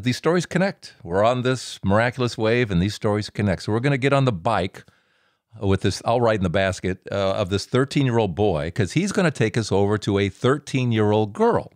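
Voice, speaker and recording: A man hosting a storytelling podcast, animated and playful, teasing himself between stories. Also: lowish voice, no room sound, clean studio sound. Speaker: podcast host.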